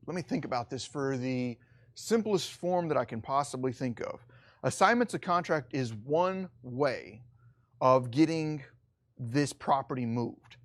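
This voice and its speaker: A middle-aged man with a fairly high-pitched voice teaches a recorded real estate lesson. He explains things step by step, slowing down to stress key points.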